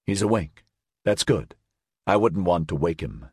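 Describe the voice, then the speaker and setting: Wary clinical doctor, deep and husky, as the narrator puts him on, audiobook, dry room. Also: male voice, animated, unhurried, darkish tone, no room sound, full character voice. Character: cautious, guarded male doctor, low-voiced.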